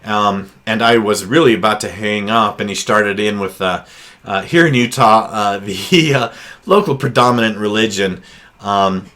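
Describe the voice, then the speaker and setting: Low-voiced man giving casual counseling advice. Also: normal speed, pushed and bright. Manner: talks with many fillers and restarts.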